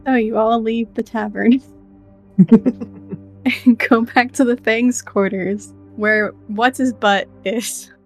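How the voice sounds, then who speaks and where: A woman's voice: fairly high pitch, fairly even intonation, takes it slowly, faint music behind. A woman running a tabletop game as game master, narrating in a loose, casual way with lots of "like".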